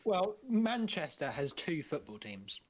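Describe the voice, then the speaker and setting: A man's voice: a little high, sing-song, a little mellow, lo-fi sound. A British man teasing the other players dryly in a casual chat during a live tabletop game. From Britain. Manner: teasing, dry, quick with jokes.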